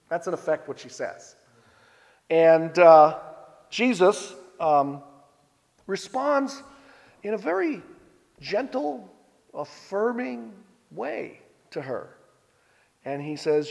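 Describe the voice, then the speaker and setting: A man giving a sermon, retelling a scripture story in a relaxed, conversational way. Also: fairly high pitch, unhurried, in a large hall. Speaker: preacher.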